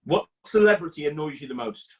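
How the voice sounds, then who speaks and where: A man with a fairly high voice hosts a casual interview, hesitating and laughing between questions. The recording sounds slightly dull, as if the top end has been cut off. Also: expressive, fairly quick, a little mellow. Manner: hesitant, laughs often, friendly. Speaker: interviewer host.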